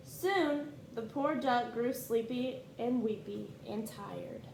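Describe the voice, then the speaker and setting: A woman teacher reading a picture book aloud to her class in a slow, clear storytime delivery. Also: on the high side, a little mellow, echoey room, a little hiss or hum.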